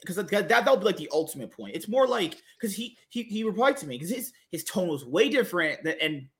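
A man chatting as a podcast guest in a high voice with lively swings in pitch. He is emphatic, repeats words for weight and swears casually. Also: quick pace.

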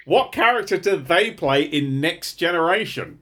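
A man's voice: fairly high pitch, animated, moderate pace, fairly bright tone, a little hiss or hum. A man co-hosting a podcast in casual, sweary chat, laughing often. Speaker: podcast co-host.

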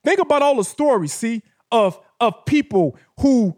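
A man's voice: very high-pitched, animated, measured pace, darkish tone. A man co-hosting a podcast in casual chat, speaking passionately and addressing listeners directly in a motivational way. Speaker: podcast co-host.

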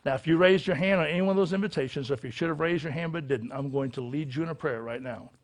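A man's voice: a little high, quick pace. A middle-aged male pastor giving an altar call in a church service, preaching with a fervent, repetitive cadence. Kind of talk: altar call and sinner's prayer.

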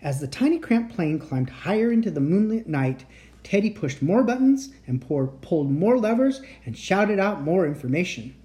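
A woman reading a children's chapter book aloud as a bedtime story, with lively storytelling. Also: normal speed. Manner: lively storytelling, raising pitch for shouted lines. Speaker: reader.

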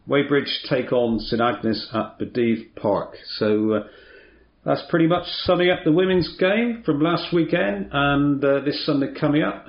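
Guy hosting local radio football chat, bit higher voice, echoey studio, kinda dull sound. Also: creaky. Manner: chatty, relaxed, many filler ums and uhs. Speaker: radio sports show host.

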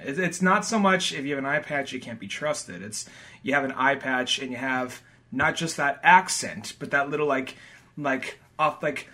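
A man's voice: mid-range voice, moderate pace, sharp tone. A man co-hosting a podcast in casual chat who rambles and searches for his words. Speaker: podcast co-host.

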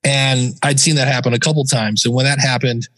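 A man's voice: mid-range voice, a little fast. Chatty man telling stories as a guest. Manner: chatty, acts out quoted people in animated voices. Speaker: podcast guest. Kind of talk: casual interview storytelling.

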